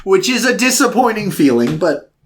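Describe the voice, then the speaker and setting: A man co-hosting a podcast in casual chat, animated and jokey, sometimes slipping into silly voices. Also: high-pitched, normal speed. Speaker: podcast co-host.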